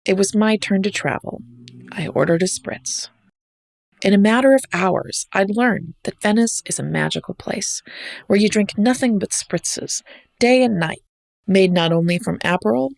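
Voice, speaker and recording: A woman podcast host from the United States reads her personal travel essay aloud, wry and reflective, in an American accent. Her mid-range voice is expressive, gravelly, and slightly mellow, at normal speed with no room sound.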